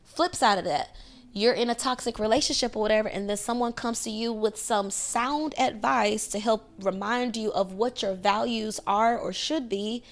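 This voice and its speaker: A woman hosting a podcast, giving casual astrology advice in a lively way, often checking in with "right?" and "okay?". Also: on the high side, normal speed. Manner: animated, acts out quoted voices, frequent "right?" and "okay?". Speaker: podcast host.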